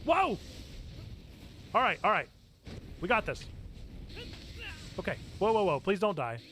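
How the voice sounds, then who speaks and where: A young man streaming a video game live, commenting as he plays and breaking into excited shouts. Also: sits high, slow, a little hiss or hum.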